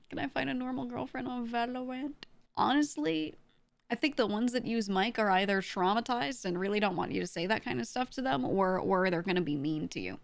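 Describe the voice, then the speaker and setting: A woman's voice: on the high side, expressive, normal speed, vocal fry. A young woman streaming, chatting casually with viewers, laughing often and acting out quoted voices.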